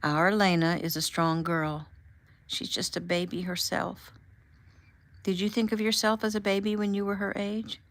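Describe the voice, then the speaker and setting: A woman reading the lines of a tender, reassuring husband in a gentle, soothing way. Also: medium pitch, flat delivery, normal speed, lightly acted.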